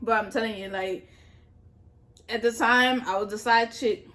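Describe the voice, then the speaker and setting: A young woman, a touch high in pitch, tells a personal story to her viewers while eating. She talks casually with plenty of slang and laughs at her own mistakes. The delivery is loose and candid, recorded at home. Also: fairly even intonation, unhurried, a bit bright. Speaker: vlogger.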